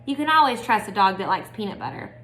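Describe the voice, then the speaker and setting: A woman's voice: mid-range voice, very animated, quick pace, fairly bright tone. A woman doing a folksy old Southern lady.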